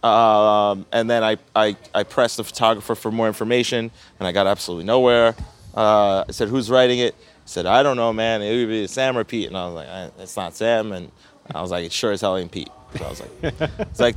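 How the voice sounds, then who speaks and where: A man's voice: fairly low pitch, normal speed, long pauses. A young man, a pizzeria owner telling a story in casual chat, profane and often laughing.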